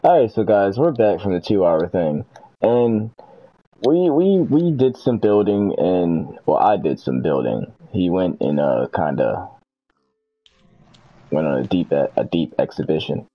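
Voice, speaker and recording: A man's voice: sits low, big pitch swings, a little slow, husky, lo-fi sound. A man hosting a gaming video, chatting casually and rambling through self-corrections while he plays. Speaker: gaming channel host. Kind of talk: casual gameplay chat.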